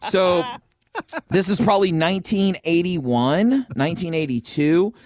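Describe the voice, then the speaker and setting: A middle-aged man from Florida, a podcast host, telling an animated story in casual chat with a chuckle now and then. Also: sits high, a little slow.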